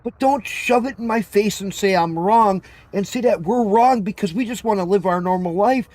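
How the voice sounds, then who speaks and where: A man's voice: high voice, normal speed, darkish tone, no echo. A man hosting a livestream chat, ranting bluntly and repetitively with profanity. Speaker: livestream host. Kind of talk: heated open chat.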